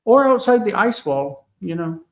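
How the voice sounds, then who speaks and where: Gravelly man teaching Hebrew casually. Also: high-pitched, sing-song, rough recording. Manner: thinks aloud with many fillers and restarts; reads verses slowly, then explains casually. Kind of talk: casual live-streamed Bible Hebrew lesson.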